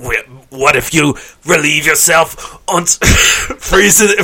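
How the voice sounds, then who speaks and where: A man's voice: fairly high pitch, lively intonation, slow pace, creaky, hardly any pauses, bright, forceful tone. Crude, joking man podcaster. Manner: crude, joking, laughs often. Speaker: podcast co-host. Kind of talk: casual chat.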